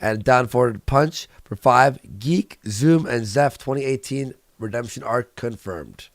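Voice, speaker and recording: A man co-hosting a stream, teasing and laughing, chiming in with quick remarks. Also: mid-range voice, gravelly, no echo. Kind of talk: casual chat.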